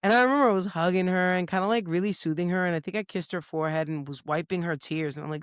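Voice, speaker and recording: Lively woman telling a story in a podcast studio. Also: lowish voice, quick pace, hardly any pauses, no room sound. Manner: lively storyteller who acts out quoted lines. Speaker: podcast co-host. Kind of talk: casual storytelling chat.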